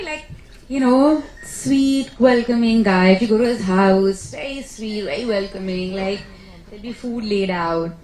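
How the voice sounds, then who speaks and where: A woman, an actress answering press questions in an animated, chatty way. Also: medium pitch. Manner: chatty, animated storytelling with laughs. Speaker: actress at a film press meet. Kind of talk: casual press conference answers. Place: press conference room. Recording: echoey room, faint background noise.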